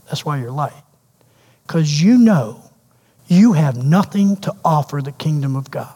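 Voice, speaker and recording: A man voicing Jesus as a gentle, reassuring teacher, speaking in a hushed, tender way. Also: fairly high pitch, husky, voice pushed down. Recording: long hall reverb.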